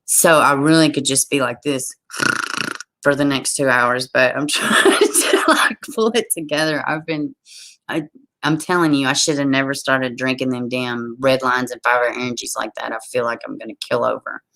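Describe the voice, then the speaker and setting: A woman's voice: a bass voice, moderate pace, a bit bright. A tired woman with a Southern US accent hosting a true crime livestream, reading a case aloud and breaking off to greet viewers.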